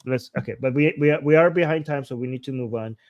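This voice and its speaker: A man's voice: medium pitch, fast, dull audio. Easygoing, laughing man co-host. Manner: easygoing, laughs a lot, hesitant restarts. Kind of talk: casual livestream chat.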